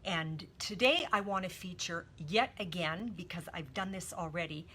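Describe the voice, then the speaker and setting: A Canadian woman hosting a live craft stream, chatting warmly and a little teary with her viewers. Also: lowish voice, moderate pace, slight background noise. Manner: heartfelt, chatty, greets viewers by name. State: emotional, teary. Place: home craft studio.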